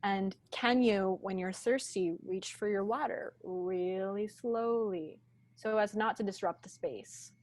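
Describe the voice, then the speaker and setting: A woman guest in a podcast interview, speaking slowly and deliberately in a grounded, reflective teaching tone over a video call. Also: mid-range voice. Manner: slow, deliberate, grounded delivery.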